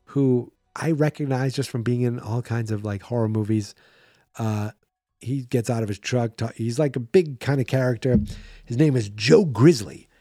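A man hosting a podcast, casually recapping a film in a chatty, playful way and acting out bits of scenes in quick silly voices. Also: mid-range voice, dark tone, no echo, clean studio sound. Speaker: podcast host.

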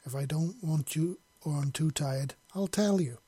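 A man voicing a tender, steady husband in an audio story, speaking gently and earnestly. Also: fairly high pitch, a little slow, husky, no echo.

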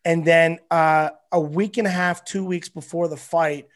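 Male comedian guest, high-pitched voice, animated and foul-mouthed storyteller. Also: a little slow. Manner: animated, profane, rambling. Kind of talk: casual storytelling.

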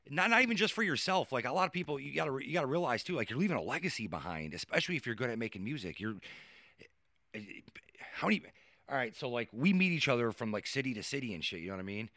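A man talks fast with a lively, bouncing pitch. His speech is loose and rambling, with fillers and restarts. The sound is dry and close. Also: no room sound. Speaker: interview guest, musician. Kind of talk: casual interview talk.

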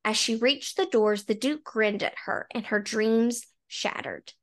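Measured woman, slightly high voice. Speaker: podcast co-host. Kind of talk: casual book discussion with read-aloud summary.

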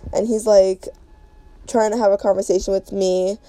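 Young woman, podcast host, mellow low-energy tone, slangy rambling storyteller, close dry sound. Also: little pitch movement, moderate pace, no room sound. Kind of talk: casual storytime chat.

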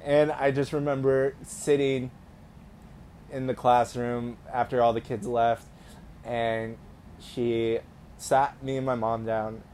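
A man's voice: mid-range voice, flat delivery, takes it slowly, darkish tone, a little hiss or hum. A young man co-hosting a casual podcast, telling a story in a rambling way with many fillers and restarts. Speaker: podcast co-host.

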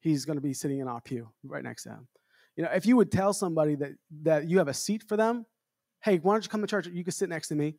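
An American evangelist preacher talks fast, with vocal fry, in a clean, echo-free studio recording. At a church revival, he delivers a storytelling sermon, joking and acting out the voices in his story with big pitch jumps, animated throughout.

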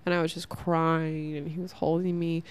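A woman's voice: low voice, flat delivery, normal speed. A young woman hosting a casual spiritual self-help podcast, rambling earnestly with lots of "like" and laughing at herself. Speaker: podcast host.

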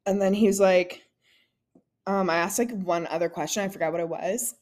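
A woman's voice: medium pitch, steady tone, a little fast, a little mellow. A woman co-hosting a podcast, telling stories in casual chat with lots of "like" and acting out quoted lines. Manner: storytelling with lots of "like" and laughter; acts out quoted lines in dialogue. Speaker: podcast co-host.

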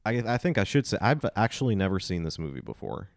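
A man from Tennessee talks about movies in a loose podcast chat. He sounds easygoing and often trails off with fillers. His voice sits very low, and the sound is close and dry. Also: very animated, fast, gravelly, dry recording. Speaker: podcast co-host. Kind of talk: casual chat.

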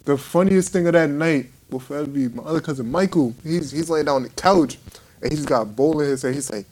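A young man with a fairly high voice talks briskly as he tells friends a funny story, laughing often and acting out what others said. He's animated throughout, with slight background noise.

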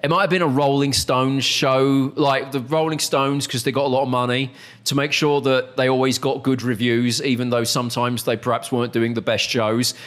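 A man's voice: medium pitch, little pitch movement, moderate pace, fairly bright tone. A British man co-hosting a casual chat, telling long rambling stories with many restarts. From Britain. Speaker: podcast co-host.

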